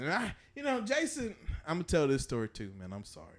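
A man's voice: on the high side, huge pitch swings, a little fast. A man co-hosting a podcast, telling stories in a casual, profane way and laughing through them. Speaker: podcast co-host. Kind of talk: casual storytelling chat.

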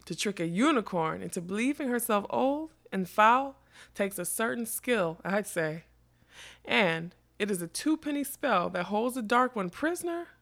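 A woman's voice: mid-range voice, lively intonation, moderate pace, fairly bright tone. A woman reading a storybook, voicing a scheming old carnival witch with a sweet, smoky, mocking voice. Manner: mocking, snarling when crossed.

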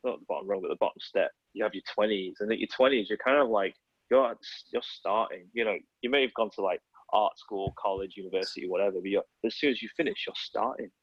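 Illustrator, 30s, husky voice; rambling conversational podcast guest, dry close sound. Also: male voice, fairly low pitch, fast, no echo, dull audio. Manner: rambling, lots of fillers and self-corrections.

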